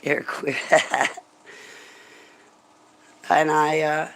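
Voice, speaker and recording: A grieving woman, tearful and halting, chatting emotionally and rambling to her viewers. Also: sits low, flat delivery, fairly bright tone, a little hiss or hum, poor audio. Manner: halting, rambling and raw with grief. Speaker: vlogger talking to viewers. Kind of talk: emotional live chat to viewers.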